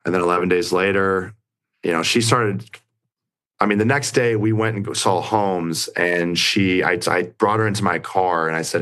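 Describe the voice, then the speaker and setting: Low-voiced young man telling a story. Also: steady tone, moderate pace, a bit bright, smooth. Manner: rambling, filler-heavy retelling with acted quotes. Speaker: guest. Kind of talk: casual interview storytelling.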